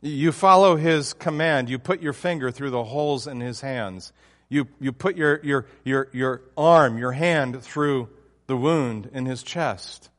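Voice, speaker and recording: A man's voice: medium pitch, unhurried, fairly bright tone, long reverb tail. A man preaching a sermon, emphatic and often restarting his phrases. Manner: emphatic, with frequent restarts and fillers.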